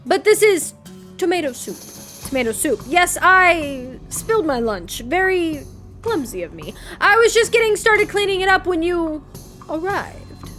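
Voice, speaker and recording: A woman voicing a creepy, grinning, hunched male innkeeper in a comedy western game, with a slight lisp and odd emphasis, drawling slowly and then jumping high in pitch. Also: lively intonation, fairly bright tone, faint music behind, full character voice. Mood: sinister. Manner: slow, sing-song with sudden high jumps.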